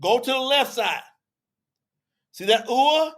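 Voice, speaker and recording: A man with a high voice and a bright, sharp tone, teaching a live audience. He talks in a loose, chatty way and acts out both sides of an argument. He circles back and repeats his points as he explains. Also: expressive. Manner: repetitive, drawn-out explaining. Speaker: teacher on a religious telethon.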